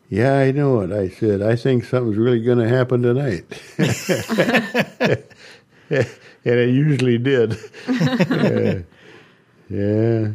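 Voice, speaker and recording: An older man recounting old church stories in a halting, chuckling interview manner. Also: fairly low pitch, a little mellow. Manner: slow, halting storyteller with chuckles. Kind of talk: storytelling interview.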